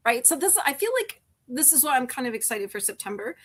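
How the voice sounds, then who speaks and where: A woman's voice: high-pitched, animated, fast talker, few pauses, a bit bright. Candid middle-aged woman, rambling. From Canada. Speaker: live-stream host. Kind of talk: casual live-stream chat.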